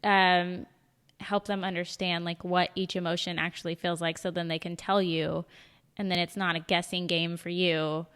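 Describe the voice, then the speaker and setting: A woman's voice: fairly low pitch, level tone, fairly bright tone, smooth, long reverb tail. A woman hosting a podcast interview who chats casually, adds frequent backchannels, laughs easily and uses a lot of fillers. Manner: chatty, many backchannels, quick laughs, filler-heavy. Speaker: podcast host.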